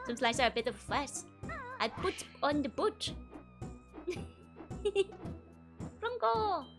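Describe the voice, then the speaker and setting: A woman's voice: sits high, huge pitch swings, takes it slowly, long pauses. A woman streaming a video game, chatting casually with her chat and giggling a lot. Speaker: VTuber streamer. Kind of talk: casual let's-play commentary. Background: game music.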